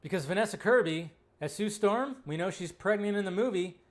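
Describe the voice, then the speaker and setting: Guy doing a live movie news stream, kinda high voice, swears a lot and gets all worked up. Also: fairly quick. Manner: animated, incredulous rants with profanity. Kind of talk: casual live-stream commentary.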